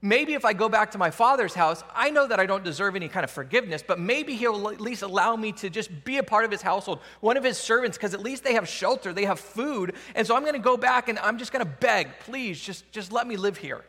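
A man acting out a desperate, humbled young man pleading to be let back home. His voice is high and gravelly, and it rings through a long reverberant hall. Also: expressive, a little fast, few pauses, pushed and bright, heavily acted.

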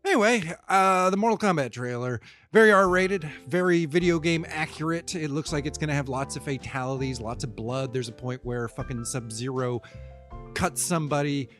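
A man talks casually on his own show and swears freely. He rambles and restarts his sentences as he speaks to his listeners. Faint guitar music plays quietly behind him. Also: a little high, normal speed. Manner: rambling, profane, with many restarts. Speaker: podcast host. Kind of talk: casual solo commentary.

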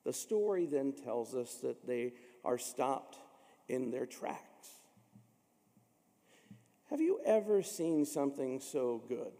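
A man's voice: mid-range voice, creaky, warm tone. Male pastor, dramatic storyteller, sermon delivery, reverberant space. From Illinois, USA. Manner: dramatic storytelling, acting out voices.

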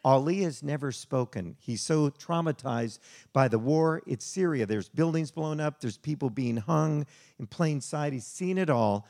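A man preaching a sermon to a congregation, telling a story in an animated, conversational way. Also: a little high, unhurried. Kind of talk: sermon with slide show.

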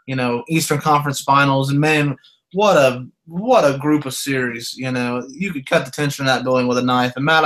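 Man co-host, mid-pitched, relaxed and teasing, steers the show. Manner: laid-back, joking, drawn-out fillers. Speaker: podcast co-host. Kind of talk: casual sports talk.

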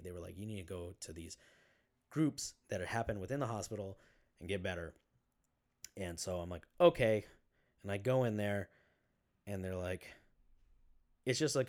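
Low-voiced man telling his story haltingly. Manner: halting, many fillers and restarts; swears casually. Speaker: podcast guest. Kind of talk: casual interview storytelling.

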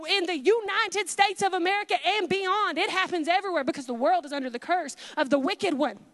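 A woman preaching a Pentecostal sermon, her voice high and fervent. She swings between loud exhortation and hushed, confiding asides. The sound is dry and close, with no room echo.

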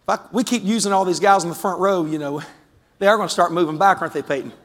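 A man preaching a lively, conversational sermon as pastor, breaking into sudden shouts. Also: sits high, fast, in a large hall. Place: church sanctuary.

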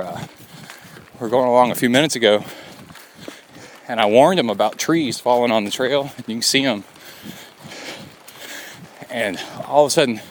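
A man's voice: medium pitch, poor audio. A middle-aged man, a podcast host, recording himself on a forest trail and telling a story in a rambling, chuckling way. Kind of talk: casual on-the-go recording. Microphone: handheld recorder carried on a run. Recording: outdoor field recording with steady noise.

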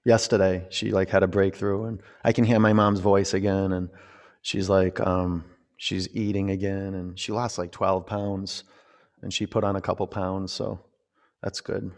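A young man leading a yoga class, giving calm cues and counting reps aloud. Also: low-pitched, a little slow. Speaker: yoga instructor.

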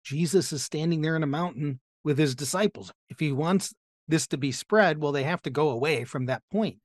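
A man's voice: fairly high pitch, normal speed, no echo. A man teaching a Bible lesson in an explanatory way, often putting rhetorical questions to his listeners. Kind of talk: teaching sermon.

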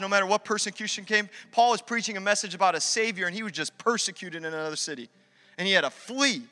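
A man's voice: high-pitched, pushed and bright. A pastor preaching a conversational sermon, acting out dialogue as he goes. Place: church sanctuary. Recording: long reverb from a large hall.

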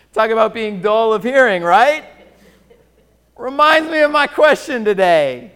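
A male pastor delivers a sermon at a slow, deliberate pace. He tells a story with it, swinging from loud, emphatic points to a near-hush and stretching out the phrases he wants to land. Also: extremely high pitch, smooth.

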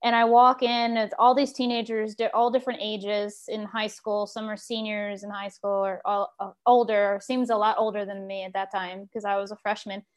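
A woman from Texas who leads a sharing circle, telling a personal story in a lively, animated way and laughing as she goes. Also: medium pitch, normal speed. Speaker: group facilitator.

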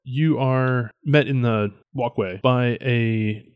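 A man narrating as game master of a tabletop game, describing scenes in a relaxed way. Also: medium pitch, slow pace, clean tone, dry recording, studio quality.

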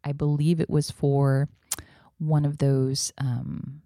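Low-voiced animated woman storyteller. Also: slow pace, no room sound, clean studio sound. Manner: animated storyteller who drops into Spanish phrases. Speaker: acting professor and actress, podcast guest. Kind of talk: casual conversational interview.

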